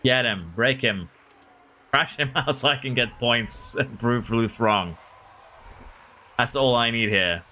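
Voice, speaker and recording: Male streamer, excitable live commentary, bright tone. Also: medium pitch, takes it slowly, long pauses, slight background noise. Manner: excitable, talks to drivers and chat. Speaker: gaming streamer.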